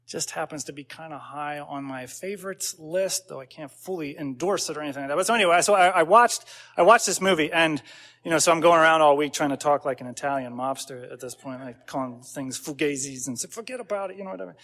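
High-voiced man preaching casually. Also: a little fast, fairly bright tone. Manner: storytelling, casual asides, builds to emphatic peaks. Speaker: pastor. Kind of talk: conversational sermon.

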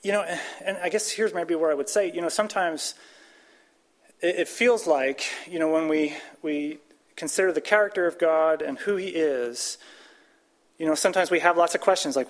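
A man giving a conversational Bible teaching, speaking casually with frequent restarts and pushing up his voice for emphasis. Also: normal speed. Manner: casual, restarts and fillers, rises in pitch and volume for emphasis.

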